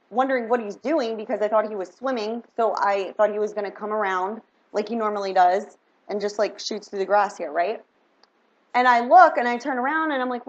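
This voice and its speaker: A middle-aged woman telling a story in a casual, animated vlog, chatty and full of "like" and "right?". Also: on the high side. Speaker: vlogger. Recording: dull lo-fi recording.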